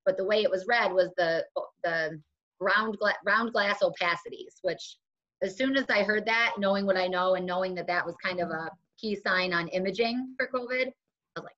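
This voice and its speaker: A woman's voice: mid-range voice, moderate pace. A woman, a guest on a conversational show, telling her own story casually and acting out what other people said to her. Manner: animated, acts out other people's lines. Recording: dull lo-fi recording.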